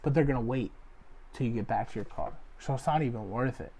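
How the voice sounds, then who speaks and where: A young man, a comedy show host, rambling through a loose joke monologue full of fillers and deadpan asides. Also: medium pitch, fast talker. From Ohio area. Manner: loose, filler-heavy, deadpan jokes with acted quotes. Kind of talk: rambling stand-up style monologue.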